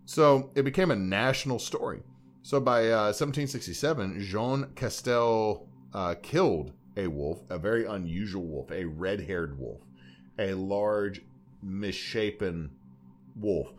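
A young man co-hosting a podcast in casual chat, telling stories in a rambling, animated way full of tangents. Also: lowish voice, measured pace. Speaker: podcast co-host.

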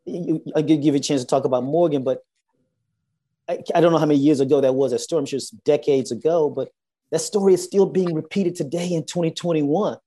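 A man's voice: on the high side, steady tone, fast, dark tone. A man hosting a video interview, reacting with emotion and talking casually. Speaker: interview host.

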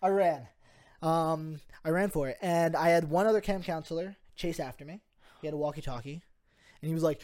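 Young male podcast host, slightly high pitch, animated storyteller, swears. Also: a little fast. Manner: animated, acts out quotes, swears freely. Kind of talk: casual storytelling chat.

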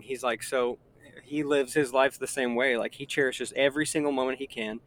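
A man's voice: mid-range voice, steady tone, normal speed, fairly bright tone, a little hiss or hum. A man in his thirties chatting earnestly in a casual conversation, rambling with frequent restarts.

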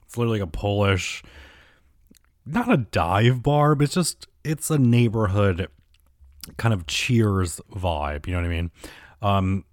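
Young male host; deep register, loose profane comic rambling, dry mic. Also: lively intonation, unhurried, no room sound. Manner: rambling, crude, lots of filler. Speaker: commentary podcast host. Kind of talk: casual comedic rant.

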